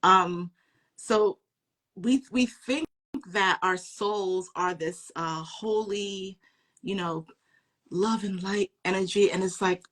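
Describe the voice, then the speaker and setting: A woman talking loudly and animatedly in a casual spiritual chat, laughing often. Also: mid-range voice, slow pace.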